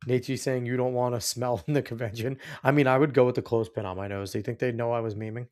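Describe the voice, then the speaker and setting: A man's voice: medium pitch, fairly even intonation, fast talker, darkish tone. A man hosting a show, reacting to clips with mocking, profane asides. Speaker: host. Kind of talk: reaction commentary over clips.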